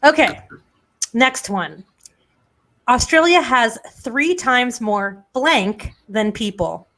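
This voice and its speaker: A woman's voice: a little high, expressive, takes it slowly, sharp tone. A woman hosting a casual chat show, joking around and quizzing her co-hosts with trivia. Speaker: podcast host.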